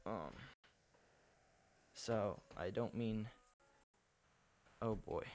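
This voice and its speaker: A man's voice: lowish voice, extremely slow, a little mellow, a little hiss or hum. A man with a Texan accent chatting casually on a live stream, rambling and thinking aloud as he builds and answers viewers.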